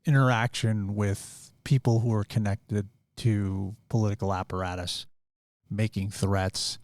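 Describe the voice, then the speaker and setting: A man interviewing, asking his questions slowly and quietly. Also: fairly low pitch, fairly even intonation, dry recording, studio quality.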